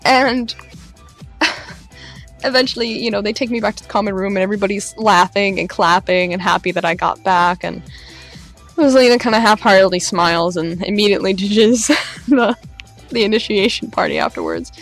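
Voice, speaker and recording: A young woman vlogger telling an excited story, acting out the voices of the people she quotes with big jumps in pitch. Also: moderate pace, soft background music.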